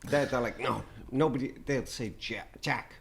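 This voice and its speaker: A man chatting as a podcast guest, halting with many fillers, animated when telling stories. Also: mid-range voice, gravelly, a little hiss or hum. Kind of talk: casual chat.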